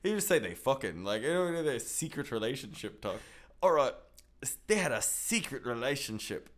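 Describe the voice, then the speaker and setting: Profane, animated male podcast host. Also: mid-range voice, brisk. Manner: reads posts aloud mockingly. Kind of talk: casual commentary.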